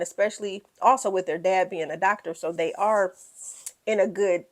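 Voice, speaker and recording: A woman's voice: medium pitch, steady tone, normal speed. A woman recapping a reality TV episode in a sassy, chatty way, talking straight to her viewers. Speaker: recap host.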